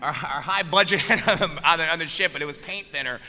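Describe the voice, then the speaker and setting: A man tells rowdy, profane stories on a convention stage, laughing as he goes. His voice is bright and sharp and sits a little high. The sound carries a long reverb from the hall. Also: brisk. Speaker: panelist, musician. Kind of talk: animated convention panel storytelling.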